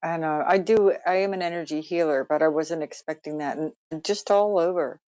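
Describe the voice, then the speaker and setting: A woman who works as an energy healer, talking haltingly on a video call and searching for her words. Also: deep voice, dark tone, no echo, muffled recording. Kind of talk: casual group video chat.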